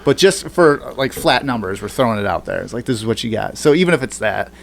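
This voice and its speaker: Rambling, profane podcast host. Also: male voice, medium pitch, lively intonation, fast, vocal fry, slight background noise. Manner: rambling, profane, works through numbers aloud. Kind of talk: casual podcast chat.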